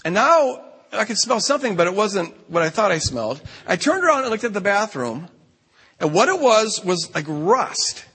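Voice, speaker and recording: A man's voice: high-pitched, big pitch swings, moderate pace, pushed and bright, husky. A man speaking at a retreat, telling a funny story with lots of stammered restarts. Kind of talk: humorous storytelling talk. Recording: long hall reverb.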